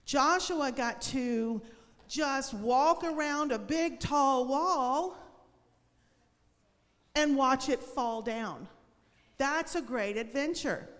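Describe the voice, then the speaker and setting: A woman's voice: sits high, extremely slow, pauses often, fairly bright tone, in a large hall. A woman teacher giving a cheerful, encouraging devotional lesson and prayer to schoolchildren. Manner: upbeat, encouraging, talks to children.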